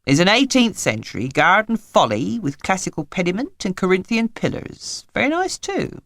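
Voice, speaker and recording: A woman's voice: medium pitch, sing-song, normal speed, fairly bright tone, no room sound. A woman doing a dry, long-winded old grandpa.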